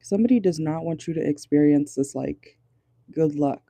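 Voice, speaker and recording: A tarot reader doing a casual reading from inside a car, pausing often while channeling, swearing and laughing nervously. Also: mid-range voice, dark tone, no echo.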